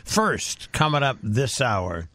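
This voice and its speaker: A man's voice: medium pitch, very animated, takes it slowly, a bit bright, no echo, clean studio sound. A middle-aged man, a radio host, chatting casually and reminiscing with his co-host. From United States. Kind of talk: casual chat.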